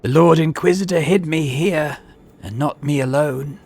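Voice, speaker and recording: A woman's voice: sits low, normal speed, gravelly, darkish tone, slightly rough, exaggerated voice. A woman voicing a dying, half-machine female tech-priest in a video game, speaking in cold, clipped, machine-like phrases. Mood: cryptic.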